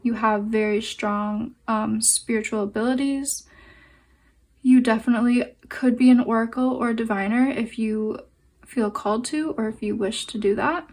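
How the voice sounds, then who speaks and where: Young woman, card reader, gentle meandering talk, slightly high voice. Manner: gentle, meandering, with fillers and slow pauses. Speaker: tarot and oracle card reader. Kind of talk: pick-a-card reading.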